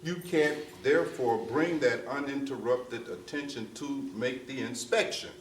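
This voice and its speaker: A man's voice: medium pitch, measured pace, a little hiss or hum. A man giving a spiritual discourse to a gathered audience, emphatic and repetitive, often asking "you see?" and slipping into street slang. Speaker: spiritual teacher. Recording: roomy distant mic with faint ambience.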